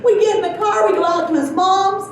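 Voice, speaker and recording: A woman's voice: very high-pitched, steady tone, a little fast. A woman in her fifties doing a stand-up comedy set on a club stage, telling self-deprecating stories, acting out quotes and laughing as she goes. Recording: very echoey club audio from far off.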